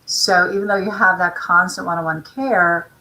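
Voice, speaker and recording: A woman's voice: fairly low pitch, fairly even intonation, normal speed, pushed and bright, poor audio. A woman hosting a talk show about senior care, speaking in a chatty, casual way with long run-on explanations. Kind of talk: casual interview chat.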